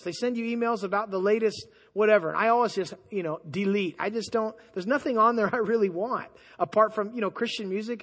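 A man preaching a sermon as pastor, conversational and animated, acting out the people he quotes. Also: high-pitched. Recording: long hall reverb.

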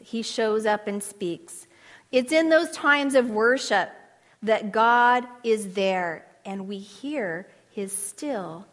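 A woman preaching a sermon, earnest and emphatic, with dramatic pauses. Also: mid-range voice. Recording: long hall reverb.

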